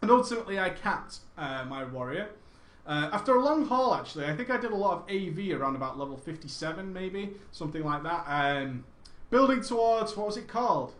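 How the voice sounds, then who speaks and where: A man with a fairly high voice spins a rambling, chatty story, doubling back to correct himself and dropping casual swears. The sound rings out in a noticeably echoey room. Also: expressive, brisk, fairly bright tone. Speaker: storyteller recounting gaming memories.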